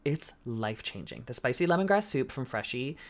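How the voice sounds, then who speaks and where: A man's voice: medium pitch, very animated, a little fast. Giggly, gushing drag queen host. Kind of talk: casual chat. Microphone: remote call setup.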